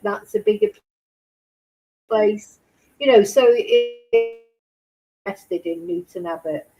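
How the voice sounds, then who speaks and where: A woman's voice: mid-range voice, takes it slowly, muffled recording, music in the background. A woman hosting a true crime channel, chatting casually with her viewers. She rambles and keeps asking rhetorical questions. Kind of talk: casual chat with live chat viewers.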